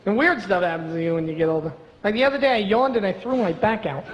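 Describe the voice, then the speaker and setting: Fast and lively, this Brooklyn comic speaks in a high-pitched voice during his stand-up set, chatty and sarcastic as he teases the audience. Recorded live in a reverberant comedy club with audience noise, the audio sounds dull.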